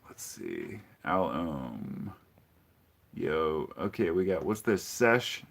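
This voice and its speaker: A man's voice: rumbling low, big pitch swings, slow, creaky. A man hosting a casual live-stream podcast, rambling and opinionated as he greets viewers and answers their chat messages. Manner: opinionated, frequent ums and restarts.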